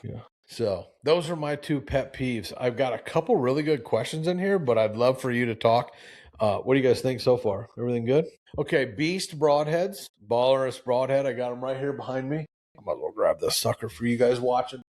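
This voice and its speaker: A man in his forties hosting a live talk show, preachy and animated, with lots of restarts and acted-out quotes. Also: mid-range voice, a little fast. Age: 40s. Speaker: show host.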